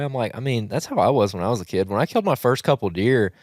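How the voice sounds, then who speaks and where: A man with a Southern US accent hosting a podcast, telling a hunting story in rambling, animated casual chat with frequent laughs. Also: medium pitch, quick pace, no room sound, clean studio sound. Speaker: podcast host.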